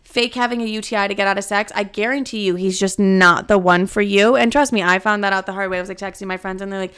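Smooth-voiced young woman telling stories. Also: mid-range voice, quick pace, hardly any pauses. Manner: profane, animated retelling with lots of "like". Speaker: vlogger. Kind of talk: casual storytime vlog. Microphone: own camera.

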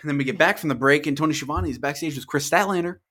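A young man co-hosts a laid-back podcast and chats about the latest matches. He is loose and profane and builds excitement as he goes. He often keeps talking right over his co-host. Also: a little high, racing. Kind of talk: casual wrestling podcast chat.

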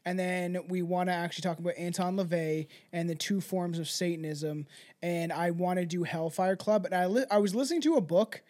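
A podcast host chatting casually, animated and profane, jumping between asides and quick put-on voices. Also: mid-range voice. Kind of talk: casual chat.

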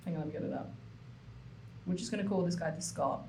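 A young woman co-hosting a podcast, telling a story in an animated way, with lots of swearing and fillers. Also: fairly low pitch, quick pace, gravelly, reverberant, a little hiss or hum. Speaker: podcast co-host. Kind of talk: casual chat.

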